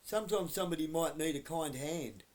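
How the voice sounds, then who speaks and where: A man's voice: on the high side, fairly quick. Swearing man ranting. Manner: blunt, swearing heavily, flaring into shouting. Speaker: vlogger. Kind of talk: profane direct-to-camera rant.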